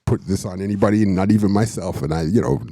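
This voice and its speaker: A man's voice: deep voice, fast talker, mellow, dry recording. A man hosting a reaction show who drops wry, joking asides while watching a clip. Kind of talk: reaction commentary.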